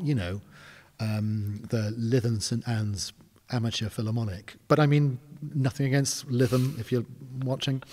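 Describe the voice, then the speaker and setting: Mellow-voiced man telling stories. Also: mid-range voice, long reverb tail. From England. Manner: animated storyteller, acts out quoted people. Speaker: guest conductor. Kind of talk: casual storytelling in conversation.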